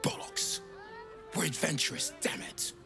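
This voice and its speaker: A man voicing a gruff, grumbling male orc adventurer in a video game. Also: unhurried, over music, lightly acted. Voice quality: gravelly. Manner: grumbling and cursing.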